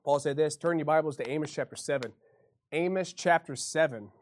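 A man preaching a sermon, swinging from quiet folksy asides to loud impassioned passages and acting out quoted voices. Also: a little high, a little fast. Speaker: pastor.

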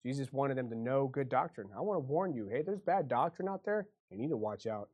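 A man preaching a sermon, swinging from quiet folksy asides to loud impassioned passages and acting out quoted voices. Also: mid-range voice, animated, fairly quick, phone-quality sound. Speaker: pastor.

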